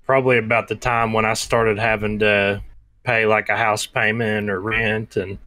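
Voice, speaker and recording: A man in his twenties co-hosts a podcast, answering in a slightly low, bright voice. He talks hesitantly, with plenty of fillers. The recording is dry and close. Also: level tone, moderate pace, dry recording. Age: 20s. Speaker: podcast co-host. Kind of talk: casual podcast chat.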